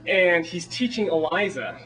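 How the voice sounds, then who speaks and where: A flamboyant small-town theater director, played by a man, gushes and rambles in a somewhat high voice. He sounds a little far from the microphone. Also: expressive, a little slow, a bit bright, faint music behind. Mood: gushing. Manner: chatty, rambling, gushing. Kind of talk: film monologue performance.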